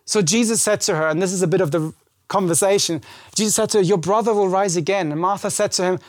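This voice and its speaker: High-voiced man preaching a lively sermon. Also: quick pace, no echo. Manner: animated, acts out scripture dialogue. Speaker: pastor. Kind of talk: conversational sermon. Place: church service.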